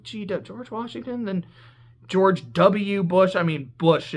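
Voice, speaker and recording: Game reviewer, casual video essay rant, excitable, swearing, very animated pitch, rambling. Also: takes it slowly. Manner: laughs mid-sentence and corrects itself.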